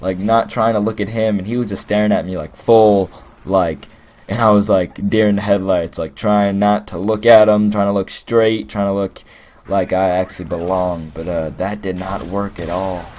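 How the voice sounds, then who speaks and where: Deep-voiced young man rambling a story. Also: steady tone, moderate pace, darkish tone. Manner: rambling and playful, heavy on fillers. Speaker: gaming commentator. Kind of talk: casual storytelling over gameplay commentary.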